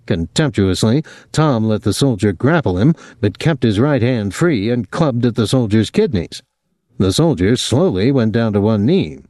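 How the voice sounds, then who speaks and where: A man's voice: mid-range voice, a little mellow, dry recording, studio quality. A man reading a novel aloud as an audiobook narrator, giving each character a voice.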